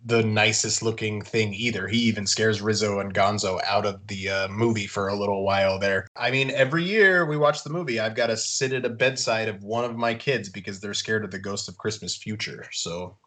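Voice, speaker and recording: A man who is a father, co-hosting a podcast in relaxed, easygoing casual chat. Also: fairly low pitch, a little fast, hardly any pauses. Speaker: podcast co-host. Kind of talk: casual chat about films.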